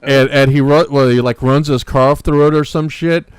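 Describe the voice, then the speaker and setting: A man's voice: mid-range voice, steady tone, normal speed, clear, resonant tone, dry recording. A man co-hosting a podcast, casually recapping a TV episode in a rambling way full of fillers and restarts. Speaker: podcast co-host. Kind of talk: casual chat.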